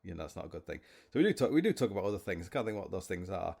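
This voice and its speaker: A man's voice: deep voice, big pitch swings, very fast, vocal fry, a little mellow, husky. A man hosting a podcast alone, rambling through stories with many restarts and self-mocking asides. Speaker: podcast host. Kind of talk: rambling solo chat.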